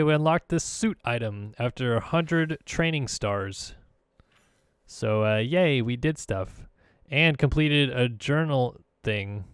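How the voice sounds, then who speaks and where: A man from California giving relaxed, chatty commentary over his racing game, thinking aloud with lots of fillers. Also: medium pitch, clean tone, no echo. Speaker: gaming channel host. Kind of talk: casual gameplay commentary.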